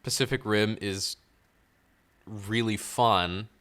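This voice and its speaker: A man's voice: lowish voice, steady tone, takes it slowly, a bit bright. A man co-hosting a podcast, talking casually and rambling with lots of fillers and laughs. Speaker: podcast co-host. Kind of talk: casual chat.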